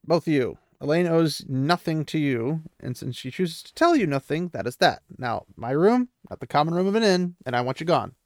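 Stern young woman, brisk, commanding, slightly raised pitch, put on by a man, dry close sound. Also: lively intonation, no echo.

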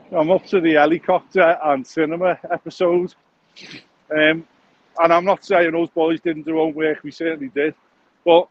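A man, hosting a podcast in a crude, jokey, rambling monologue full of swearing and restarts while walking outdoors on a phone mic. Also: on the high side. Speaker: podcast host. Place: outdoors, walking along a street. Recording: dull lo-fi sound with faint outdoor noise.

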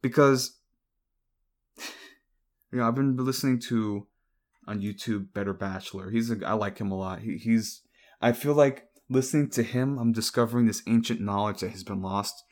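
A man's voice: fairly low pitch, moderate pace, a little mellow. A young man talking casually to the camera in a rambling, hesitant way, full of fillers and restarts. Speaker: vlogger.

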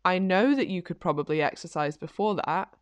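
A woman's voice: lowish voice, lively intonation, fairly quick, no room sound. A woman co-hosting a fitness podcast in a casual, chatty way, leaning on "like" as she talks. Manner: chatty, repeats "like" often. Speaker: podcast co-host, fitness coach. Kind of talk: casual chat.

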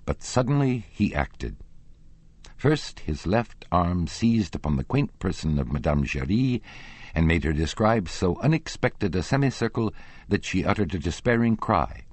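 A man reading a classic novel aloud as an audiobook narrator, expressive and lively. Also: low voice, a little slow, breathy edge, no room sound.

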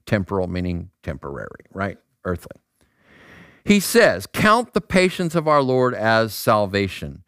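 Male preacher, casual sermon, lively up-and-down delivery, dry close sound. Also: lowish voice, no room sound. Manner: animated, acts out voices, asks rhetorical questions. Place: outdoor square.

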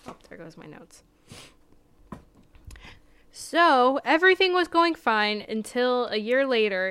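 Chatty woman with a smooth, clear voice. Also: on the high side, animated, slow, long pauses. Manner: chatty, dips into hushed spooky narration. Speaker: podcast host. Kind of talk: casual storytelling podcast.

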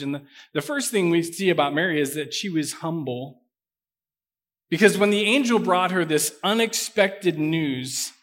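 A man preaching a sermon, swinging between loud emphasis and quiet asides. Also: on the high side. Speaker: pastor. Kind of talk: sermon with scripture reading.

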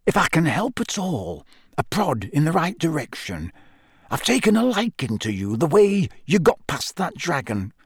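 A man voicing a jovial but nervous middle-aged male wizard official who talks in a hushed, hesitant, confiding way. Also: fairly high pitch, big pitch swings, normal speed, breathy edge, no echo, studio quality, voice pushed up, heavily acted.

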